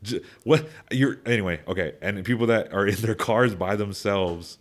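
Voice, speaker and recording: Speaking at a normal speed, a young man with a lowish voice chats loosely on a podcast about what he thinks. He meanders, starts sentences over and repeats himself, getting faster or louder whenever he lands a point.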